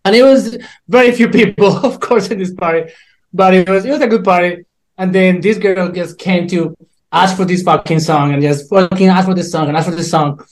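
High-voiced, excitable young man. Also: fairly quick. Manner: excitable, swears often, repeats words. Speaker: podcast co-host, DJ. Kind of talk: casual chat.

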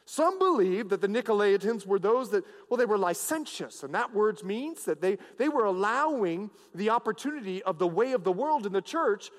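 A male pastor preaching a sermon, telling a story with lively acted-out dialogue. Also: high-pitched, normal speed, hardly any pauses. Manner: animated storytelling, acting out characters. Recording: long hall reverb.

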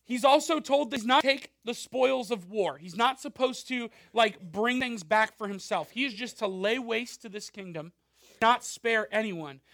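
A male pastor with a strikingly high voice preaches in a loose, conversational way. He checks in with the crowd through quick rhetorical asides, and the sound is close and dry. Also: no room sound. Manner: animated, with frequent asides and rhetorical questions. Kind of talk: conversational sermon.

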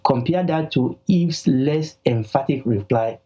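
A man's voice: medium pitch, animated, measured pace, darkish tone, husky, muffled recording. Emphatic man teaching the Bible. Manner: emphatic, repeats key phrases.

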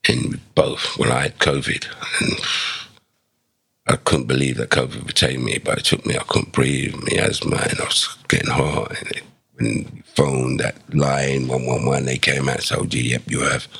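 A former footballer from England, guesting on a podcast, recounts his life story in a deep, gravelly voice. He tells it conversationally and with animation, performing the quoted lines of the people in his anecdotes.

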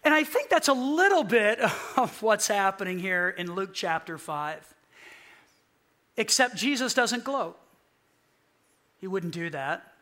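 Male pastor, animated sermon delivery, high bright voice, playful sarcasm in quotes. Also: takes it slowly, long pauses.

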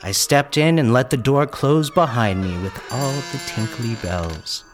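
A man narrating a first-person story in a lively, wry way. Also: mid-range voice, unhurried, over music.

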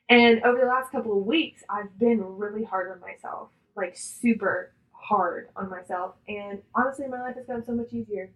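An upbeat woman co-hosting a podcast, her voice sitting at an ordinary middle pitch. She talks in quick, energetic bursts, full of short fragments and little retold exchanges, in a casual motivational chat. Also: phone-quality sound. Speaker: podcast co-host.

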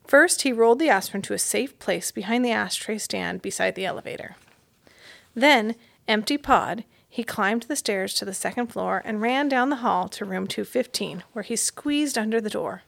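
A woman as a guest reader, reading a children's chapter book aloud in a measured storytelling manner. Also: mid-range voice, vocal fry, a bit bright, no room sound.

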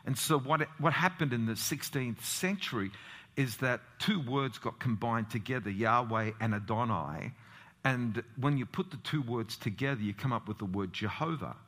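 A man's voice: mid-range voice, fairly bright tone. A pastor preaching a sermon, asking rhetorical questions and swinging his voice up and down.

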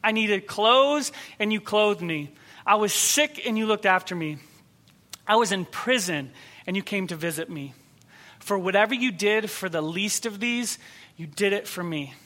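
Bright-voiced male preacher telling a story. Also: sits high, unhurried. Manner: storytelling, acts out quoted voices; drops to a soft, quiet voice for tender moments. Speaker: pastor. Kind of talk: sermon.

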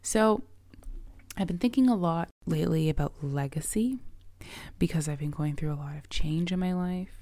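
Low gravelly-voiced woman podcaster, reflective. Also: normal speed, dry recording. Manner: earnest, reflective, often drops to a soft breathy near-whisper. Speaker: podcast host and coach. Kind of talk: reflective solo podcast talk.

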